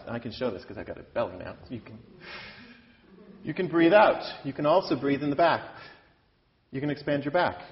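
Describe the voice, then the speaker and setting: A man from the US Midwest teaches opera singers in a chatty, self-deprecating way, gesturing as he talks. His voice carries a long reverb from a hall. The recording sounds a little dull. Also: a little high. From Iowa, US Midwest. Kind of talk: lecture-demonstration.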